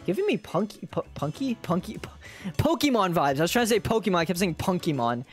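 Hyped streamer playing a cozy game, jokey, pitch jumps all over, little bit of music under it. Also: quick pace, husky. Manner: excitable, joking, talks to the game. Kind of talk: casual gameplay commentary.

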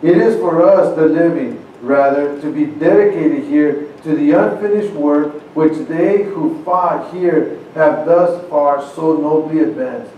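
A man's voice: fairly high pitch, measured pace, hardly any pauses, muffled recording, slight background noise. A man addressing a congregation, reading old founding documents aloud and talking earnestly between them, often stopping to repeat his words. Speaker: church speaker. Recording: very echoey room, speaker far from mic.

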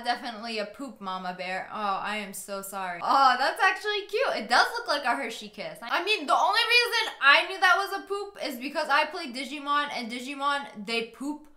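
A young woman in her twenties from the US, reading funny texts aloud with giggly, swearing, animated commentary. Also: sits high. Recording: roomy echo.

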